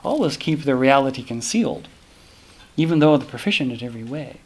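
A man's voice: mid-range voice, lively intonation, fairly quick, slight background noise, close to an everyday voice. A man voicing a proud, deluded king who speaks in an earnest, pleading way.

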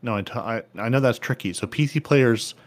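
A man's voice: mid-range voice, a little fast. A man co-hosting a casual gaming podcast, paraphrasing update notes playfully and often stumbling into restarts. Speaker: podcast co-host.

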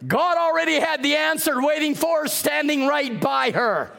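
High-pitched, bright-voiced shouting preacher. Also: male voice, moderate pace, creaky. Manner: impassioned, often shouting. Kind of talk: sermon.

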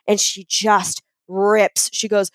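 A young adult woman co-hosting a podcast in casual chat, gushing and excitable as she tells a story. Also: medium pitch, slow pace, dry recording. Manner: excitable, gushing storyteller, fond of self-described geeking out. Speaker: podcast co-host.

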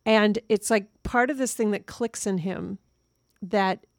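A woman's voice: mid-range voice, measured pace, no echo. Chatty woman with a dry sound. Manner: animated, laughs often, quotes scenes. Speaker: podcast co-host. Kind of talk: casual movie review chat.

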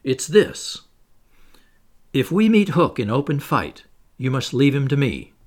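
A man reading a storybook aloud, voicing a cocky, confident young boy who leads the others in a brisk, boastful tone. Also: mid-range voice, sing-song, darkish tone. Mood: commanding.

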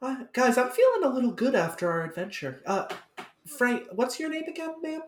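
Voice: sits high, very animated, fairly quick, echoey room. A player in a casual tabletop game, playful and giggly.

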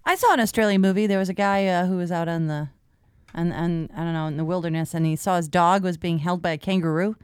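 Chatty woman podcast co-host, smooth clear voice, dry sound. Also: lowish voice, fairly even intonation, quick pace, no echo. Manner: chatty, storytelling with laughs. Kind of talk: casual movie chat.

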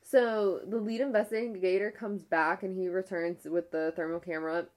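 A woman's voice: mid-range voice, normal speed. A young woman casually retelling a ghost-hunting episode. She uses "like" constantly and often restarts her sentences. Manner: rambling, heavy use of "like", frequent restarts; retells a ghost-hunt episode with a hushed, animated tone. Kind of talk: casual storytelling.

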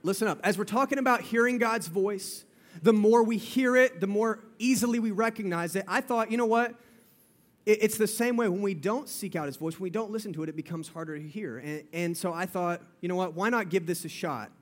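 A man's voice: high-pitched, a little fast. A young man, a youth pastor, giving a playful, chatty sermon to a live audience, often calling out "guys" and repeating himself.

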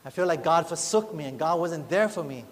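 A pastor preaches a sermon, sharing his own story earnestly and from the heart until it swells into pleading. His voice is a little high, with lively intonation and a fairly quick pace. The recording has long reverb and faint music in the background.

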